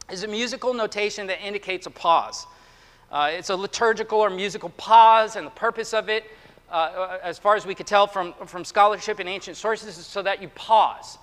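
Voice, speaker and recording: A man's voice: high voice, pushed and bright. A man preaching a Sunday sermon, emphatic and reading scripture with drama. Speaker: pastor. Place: church sanctuary. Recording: echoey hall.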